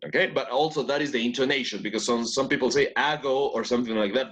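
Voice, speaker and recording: A man's voice: medium pitch, fast talker, fairly bright tone. A man teaching an English class who praises students often, repeats their answers and switches between English and Spanish.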